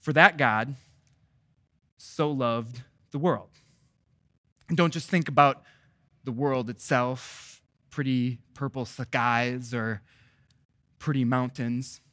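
A man preaching a sermon as pastor, asking repeated rhetorical questions and swinging between loud, emphatic stretches and soft, quiet ones. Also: mid-range voice, fairly even intonation, slow, long pauses, no room sound, studio quality.

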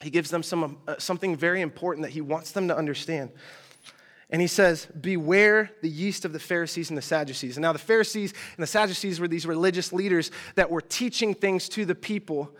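A man with a voice a little higher than most preaches in a loose, storytelling style. He talks to his listeners like friends, full of slang and side remarks. His tone stays chatty rather than formal. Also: fairly quick, fairly bright tone. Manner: chatty and slangy, with asides and mock exasperation. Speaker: preacher teaching a group. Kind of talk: casual storytelling sermon.

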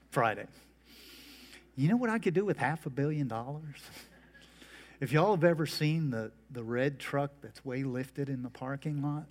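A middle-aged man preaching a sermon, telling folksy stories and jokes. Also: medium pitch. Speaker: pastor. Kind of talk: humorous sermon.

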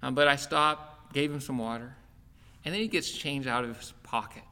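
A pastor preaches to his congregation, and his bright, forward voice carries through the church. His delivery is earnest and conversational, like someone telling a personal story. Long reverb from the worship hall trails behind each phrase. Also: mid-range voice, normal speed, clear, resonant tone. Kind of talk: sermon.

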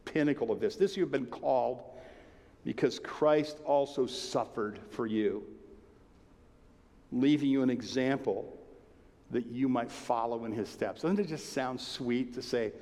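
A man preaching a sermon in a conversational, emphatic way, sometimes dropping to a hushed tone. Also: medium pitch, measured pace. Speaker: pastor. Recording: long hall reverb.

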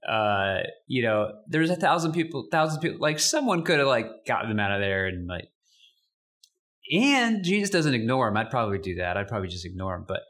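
A young adult man preaching a sermon as pastor, conversational and animated, with casual asides. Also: mid-range voice, fairly quick.

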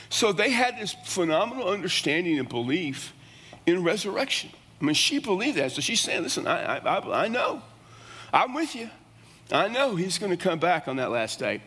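A man's voice: on the high side, fairly bright tone, slightly rough. A middle-aged man preaching a sermon as a pastor, earnest and emphatic, often restarting his words. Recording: long reverb of a church hall.

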